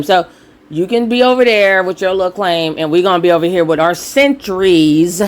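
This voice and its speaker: A woman's voice: medium pitch, expressive, normal speed. Heated, profane African American woman ranting. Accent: African American English. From United States. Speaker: commentary channel host. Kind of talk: solo commentary rant.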